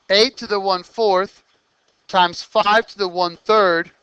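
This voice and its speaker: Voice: mid-range voice, a bit bright, clean tone, no echo, highs cut off. A math teacher explaining problems step by step in a classroom lesson, checking in with the students through short questions as the explanation goes on.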